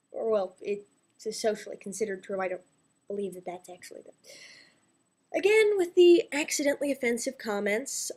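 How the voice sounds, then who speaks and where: A woman's voice: sits high, darkish tone. A young woman chatting casually through a makeup tutorial, rambling with self-mocking asides and sometimes dropping to a whisper.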